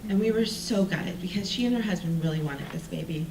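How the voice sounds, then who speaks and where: A woman telling a personal story on stage, animated and self-mocking, acting out the people she quotes. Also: lowish voice, brisk, vocal fry, slight background noise. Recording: roomy sound from a distant mic with faint ambience.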